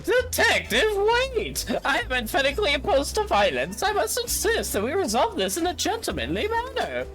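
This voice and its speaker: A man doing a prim, fussy old gentleman. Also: very high-pitched, wildly swooping pitch, moderate pace, few pauses, faint music behind, pitched above the performer's own voice, full character voice. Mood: alarmed. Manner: prim, fussy, old-fashioned formal speech.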